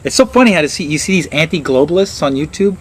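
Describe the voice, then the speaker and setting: A man ranting casually and sarcastically, swearing and slipping into high mocking voices. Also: expressive, fast, slight background noise, rough recording.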